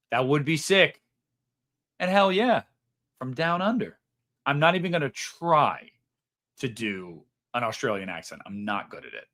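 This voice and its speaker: A man's voice: mid-range voice, bright, forceful tone. A young man hosting a casual live stream, reading super chats in a rambling, self-mocking way and swearing freely.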